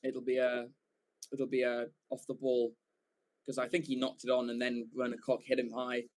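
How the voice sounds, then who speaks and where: A man with a mid-range voice speaks at a normal pace while giving live fan commentary for a watchalong stream. He's excitable, swears casually and often, and keeps correcting himself mid-call.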